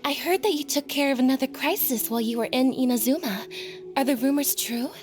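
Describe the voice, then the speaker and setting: A woman's voice: high voice, brisk, natural voice. An actress playing a friendly, teasing female crew member of a ship in a video game.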